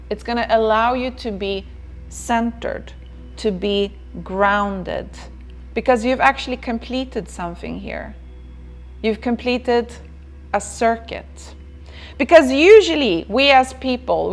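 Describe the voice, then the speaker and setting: A woman's voice: on the high side, animated, slow, soft background music. A woman giving a reflective motivational talk on self-care, who repeats phrases and checks in with "right?".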